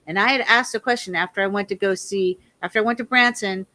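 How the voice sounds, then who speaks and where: A woman in her fifties, a guest telling a long rambling story in a loud, animated way and laughing often. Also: medium pitch, quick pace.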